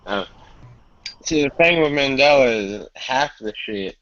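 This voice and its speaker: A man's voice: mid-range voice, a little slow, dry recording. A man telling a story in a casual group voice chat, acting out quoted dialogue. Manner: animated, acts out quoted dialogue. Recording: dull lo-fi voice chat audio.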